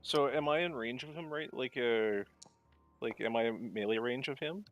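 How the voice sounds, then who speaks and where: A man's voice: medium pitch, normal speed, no room sound, muffled recording. A man playing a tabletop game, amused and tripping over his words. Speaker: player. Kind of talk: casual tabletop game chat.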